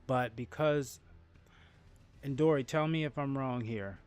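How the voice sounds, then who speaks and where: This man's mid-range voice has a clean tone and a measured pace. He's a New Orleans, Louisiana game streamer chatting casually on a livestream, rambling, repeating and restarting words, and laughing through lively stories.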